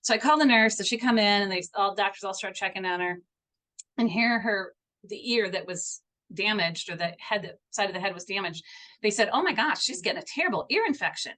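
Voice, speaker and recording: This middle-aged woman speaks as a guest homeopath in a podcast interview. Her voice sits at an ordinary pitch. She tells stories earnestly and animatedly, often stopping to restart a phrase. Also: brisk, fairly bright tone.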